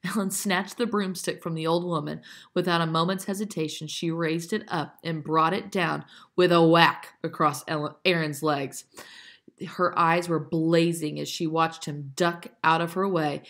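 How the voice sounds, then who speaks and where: A woman reads a children's historical novel aloud, expressive and lively, correcting small slips as she goes. Her voice sits slightly low, and now and then she stops to explain a detail to her listeners. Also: normal speed. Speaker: reader reading a chapter book aloud. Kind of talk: read-aloud narration with asides.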